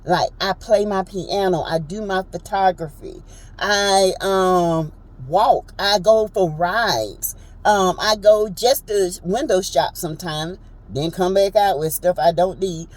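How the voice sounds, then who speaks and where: Woman, casual recap chat, animated, chatty, pops into high voices for quotes. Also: slow pace, low-quality recording. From Southern United States. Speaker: reality TV recap host.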